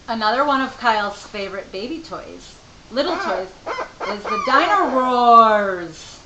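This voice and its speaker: A woman's voice: medium pitch, pushed and bright. A middle-aged woman, a mother, telling a rambling, chatty story to camera from home with many asides. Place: home room. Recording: echoey room with faint hiss.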